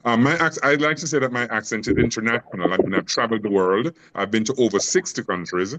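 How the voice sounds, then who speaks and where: A man's voice: mid-range voice, fast, fairly bright tone, rough recording. Jamaican guy w a bit of canadian accent, fired up poet talking in an interview, keeps tripping on "the, the". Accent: Jamaican mixed with Canadian. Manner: passionate, stumbles into repeated words. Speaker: poet and educator, guest. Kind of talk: interview conversation.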